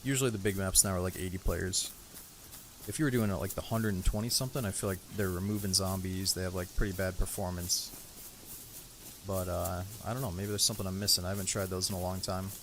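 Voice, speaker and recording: A man's voice: sits low, steady tone, fast talker, slight background noise. A man streaming a game live, chatting casually with viewers and a teammate in an easygoing, rambling way. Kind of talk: casual live-stream chat while playing.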